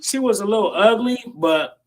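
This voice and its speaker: A man hosting a livestream and telling an animated, profane childhood story in casual slang, laughing often. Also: high voice, normal speed, a crowd in the background. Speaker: stream host. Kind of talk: casual group chat on a livestream. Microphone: online call.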